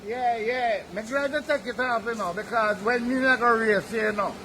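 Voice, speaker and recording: A man's voice: very high voice, normal speed. An older man with a Jamaican accent, chatting in a playful, boastful way and saying "you know" a lot. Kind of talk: casual chat. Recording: loud street noise and crowd.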